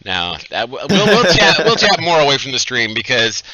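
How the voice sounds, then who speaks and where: A man's voice: medium pitch, very animated, moderate pace, a loud crowd, rough recording. A man from upstate New York running a streamed tabletop game, chatting and narrating in a joking, teasing way. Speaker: game master.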